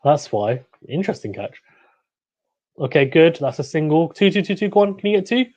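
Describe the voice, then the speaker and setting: A young man hosting a cricket watchalong livestream, reacting excitedly, groaning and pleading with each ball. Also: fairly high pitch, brisk, rough recording. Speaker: livestream host.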